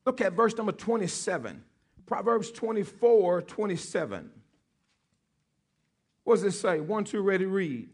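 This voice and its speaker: Male pastor, high husky voice, playful preaching with call-and-response. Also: lively intonation, a little slow, pauses often. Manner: joking with the congregation, calling for responses; repeats key phrases for emphasis. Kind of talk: sermon.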